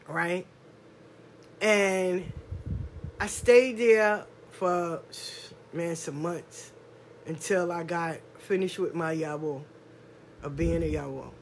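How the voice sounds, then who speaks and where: This is a podcast speaker, a middle-aged woman whose voice is lowish, recorded with slight background noise. In a personal testimony monologue she candidly and emphatically tells her life story, full of street slang, swearing, and drawn-out stresses.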